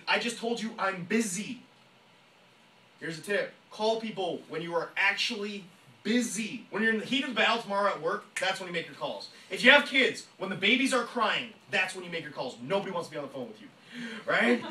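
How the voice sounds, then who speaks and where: Excitable male trainer, rapid-fire and bright, echoey meeting room, mic at a distance. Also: sits high, a little hiss or hum. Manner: fast, excitable, emphatic, often acts out phone calls. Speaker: network marketing trainer. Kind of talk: energetic live training talk.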